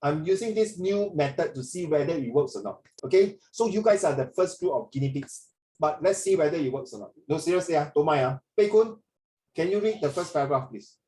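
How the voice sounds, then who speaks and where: A man's voice: a little high, animated, brisk, dark tone, roomy sound, far from the mic. A male teacher with a Singaporean accent, chatting through an online class in Singlish and bits of Mandarin.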